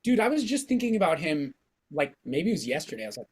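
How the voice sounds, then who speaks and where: A man with a hoarse voice, co-hosting a podcast and giving his opinions on baseball in casual chat, rambling and restarting his sentences. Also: on the high side, sing-song, fast, a little hiss or hum. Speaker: podcast co-host.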